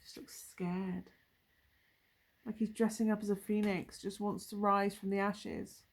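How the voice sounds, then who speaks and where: A woman's voice: medium pitch, little pitch movement, a little slow. Musing woman reading tarot. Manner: musing, thinking aloud with trailing asides. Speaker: tarot reader. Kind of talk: casual tarot reading to camera.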